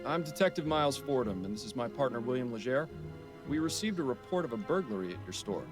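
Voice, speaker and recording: A man's voice: medium pitch, expressive, music in the background, natural voice. A man voicing a dry, serious detective. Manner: dry, measured, formal. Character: serious, to-the-point male detective. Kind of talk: voiced game dialogue.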